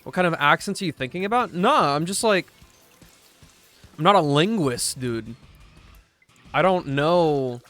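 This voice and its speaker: A man's voice: on the high side, animated, measured pace, pauses often, sharp tone, soft background music. A young man chatting casually on a gaming livestream, laid-back, reading chat aloud as he plays. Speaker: streamer.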